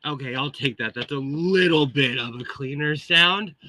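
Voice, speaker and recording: A middle-aged man with a shrill voice hosting a casual live stream from his home sewing room on a computer microphone, chatty and laughing as he greets viewers by name. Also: normal speed, bright, forceful tone, no room sound.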